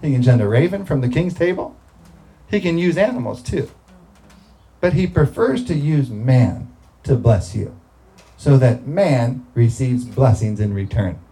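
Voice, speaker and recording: A man's voice: mid-range voice, lively intonation, unhurried, warm tone, rough recording. A man preaching a sermon, talking through scripture in a conversational way and breaking into emphatic bursts.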